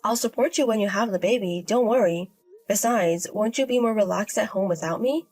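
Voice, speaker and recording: A woman voicing an unbothered young woman who gambles, speaking in a low-key deadpan way in a storybook. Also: fairly quick, natural voice.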